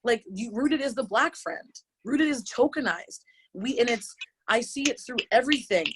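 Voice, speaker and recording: A woman in her late twenties, tearful as she speaks on a panel. Her voice sits a little high, and her delivery is impassioned and halting, full of repeated restarts. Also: animated, background noise. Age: late 20s. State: crying, tearful. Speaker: yoga teacher, panelist. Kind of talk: emotional personal testimony on a panel.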